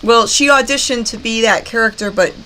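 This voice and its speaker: A woman's voice: fairly high pitch, brisk, sharp tone, a little hiss or hum, poor audio. A female horror movie host chatting and giggling while reading movie trivia. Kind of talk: live-stream chat with movie trivia.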